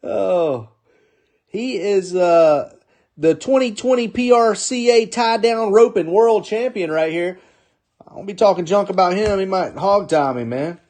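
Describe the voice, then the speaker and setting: Male card-break host, slightly high voice, upbeat live commentary calling out pulls. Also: expressive, a little mellow. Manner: upbeat, calls out names in quick bursts, chuckles often.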